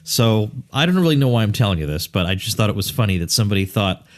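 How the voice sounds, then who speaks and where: A man's voice: fairly low pitch, big pitch swings, fast. A man hosting a podcast interview, with a radio-style voice, chatty and laughing easily. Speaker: podcast host. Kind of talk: casual interview chat.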